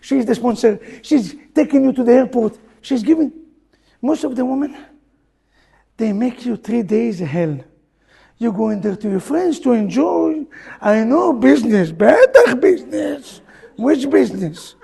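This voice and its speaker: High-pitched gravelly rabbi, joking. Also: male voice, animated, normal speed. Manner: jokey, full of rhetorical questions, bursts into loud quoted rants; broken non-native English grammar. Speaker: rabbi giving a class. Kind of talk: humorous Torah class. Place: synagogue hall.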